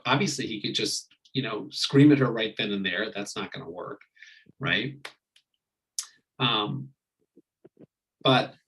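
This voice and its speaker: A man's voice: medium pitch, rough recording. Guy running an online marriage class, laid back, lots of ums, medium voice. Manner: relaxed, many fillers and reassurances. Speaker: marriage workshop leader. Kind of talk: online group class, storytelling.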